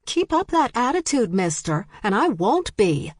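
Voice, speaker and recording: A woman voicing a petulant, annoyed young woman, the youngest sister, high and indignant. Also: sing-song, unhurried, no room sound, clean studio sound. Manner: whiny, indignant, high-pitched.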